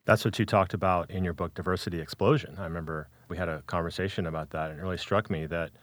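Brief: male interviewer, low pitch, dry close mic, careful long questions. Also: steady tone, fast talker, no room sound. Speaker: podcast host.

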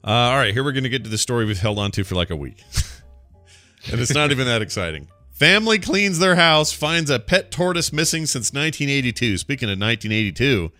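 A man's voice: mid-range voice, expressive, fast, bright, forceful tone, no room sound, faint music behind. Man, podcast co-host, laid-back, joking asides, dry close sound. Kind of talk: casual chat, reading news stories.

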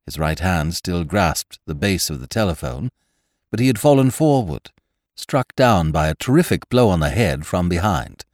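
A man narrating a story aloud in a measured, expressive way. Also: sits low, no echo, studio quality. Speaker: audiobook narrator.

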